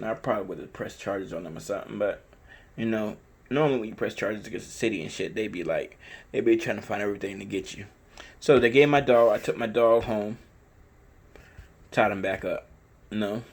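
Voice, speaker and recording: Profane, animated man telling a story. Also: lowish voice. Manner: animated, profane, emphatic retelling; repetitive, conversational phrasing. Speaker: dog owner telling a story. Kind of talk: casual storytelling vlog.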